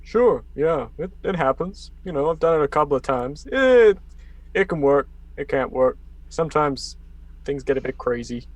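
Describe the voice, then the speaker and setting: A man's voice: a little high, animated, normal speed, no room sound. A man voicing a hesitant, plant-loving male adventurer in a tabletop game, speaking with lots of fillers. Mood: wary. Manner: hesitant, many fillers and restarts.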